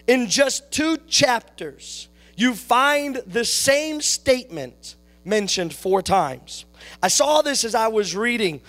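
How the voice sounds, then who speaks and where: A man preaching a sermon, slow and deliberate, repeating his phrases for emphasis. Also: high-pitched.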